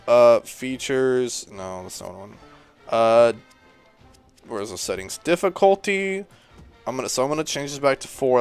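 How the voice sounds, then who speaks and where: A tired, yawning gaming YouTuber clicks through game menus, thinking aloud and rambling casually. His mid-range voice is clear with a resonant tone.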